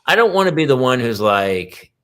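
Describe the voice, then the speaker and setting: A man's voice: medium pitch, big pitch swings, moderate pace, a bit bright. A middle-aged man telling a parenting story on a livestream chat, acting out his kids' voices as he goes. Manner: acts out his kids' voices in quoted lines. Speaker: podcast co-host. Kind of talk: casual chat, animated storytelling. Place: home, on a livestream. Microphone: video call.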